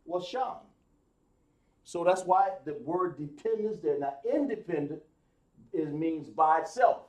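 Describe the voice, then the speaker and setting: A man's voice: fairly high pitch, lively intonation, unhurried, darkish tone. Man, class teacher, repetitive explaining, restarts, echoey room. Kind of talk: live online class lesson.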